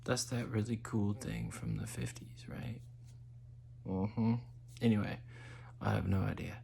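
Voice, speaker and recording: A man hosting a casual monologue while high, drifting into whispery asides. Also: a little slow, vocal fry, dark tone, slight background noise. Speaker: host.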